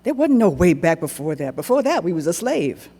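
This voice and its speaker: A woman's voice: lowish voice, big pitch swings, fairly quick, dark tone, slightly rough, in a large hall, pitched above the performer's own voice. A man voicing a young woman who answers her little brother with mocking, matter-of-fact replies, in a staged story. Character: young woman, teasing older sister.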